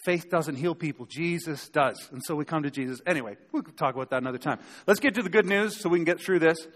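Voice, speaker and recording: Male pastor preaching, kinda high voice, chatty and emphatic, asks the crowd stuff, big echoey church. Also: fast talker, fairly bright tone. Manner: conversational, emphatic preaching with rhetorical questions to the congregation. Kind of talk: sermon. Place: church sanctuary before a live congregation. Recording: long hall reverb.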